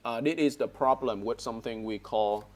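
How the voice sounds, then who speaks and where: A man from Vietnam teaches an online English speaking class over a headset, speaking at medium pitch and a moderate pace. He corrects words and checks in often with prompts like "all right?"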